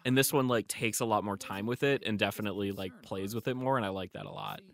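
A man's voice: fairly low pitch, fast, a bit bright. Easygoing man musing in casual chat. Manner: easygoing, reflective, with many "like" fillers. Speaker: writer of the audio drama.

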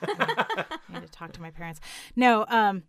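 A woman's voice: mid-range voice, very animated, unhurried. A middle-aged woman who voices characters, chatting in an interview in a self-deprecating way, full of fillers and restarts. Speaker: voice actor guest. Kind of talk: casual interview chat.

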